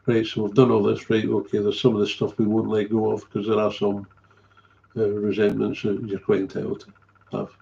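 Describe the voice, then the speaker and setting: A man's voice: on the low side, completely flat delivery, fairly quick, gravelly, warm tone, lo-fi sound, slight background noise. A middle-aged man, telling a candid story as a recovery sponsor, blunt and swearing freely, often trailing off and repeating himself.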